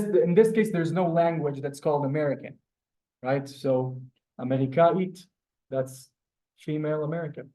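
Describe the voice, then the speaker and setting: A man's voice: fairly high pitch, rough recording. Chatty man teaching on a video call. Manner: relaxed, chatty, many fillers and restarts. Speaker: Hebrew teacher. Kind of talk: casual online class teaching.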